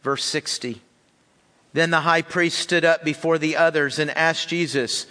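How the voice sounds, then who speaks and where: Earnest pastor in a reverberant hall. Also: male voice, a little high, steady tone, a little slow, bright, forceful tone. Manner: earnest, with repeated phrases. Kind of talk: sermon with scripture reading.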